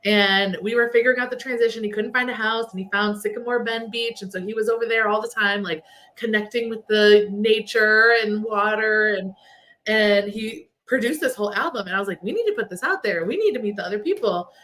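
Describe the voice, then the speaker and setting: A woman's voice: medium pitch, fairly quick, a bit bright, slight background noise. A woman guest on a podcast, telling a long story in casual chat, full of "like" fillers. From Texas. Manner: chatty storyteller, lots of "like" fillers.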